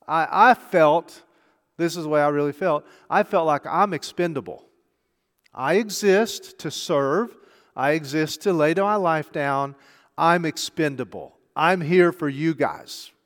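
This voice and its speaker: A middle-aged man preaching a sermon, telling a story conversationally and moving between hushed and loud delivery. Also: a little high, measured pace. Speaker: pastor. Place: church sanctuary. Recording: long church hall reverb.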